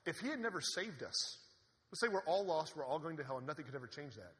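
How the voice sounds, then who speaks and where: A man preaching a sermon in an animated, conversational way, with asides to the congregation. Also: fairly high pitch, fast. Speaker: pastor. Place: church sanctuary. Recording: long hall reverb.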